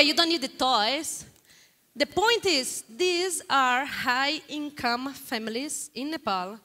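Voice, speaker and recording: A woman from Brazil with a Brazilian Portuguese accent, giving a lively guest lecture in a hall and putting frequent questions to the audience. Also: high voice, takes it slowly. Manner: animated, questions the audience often.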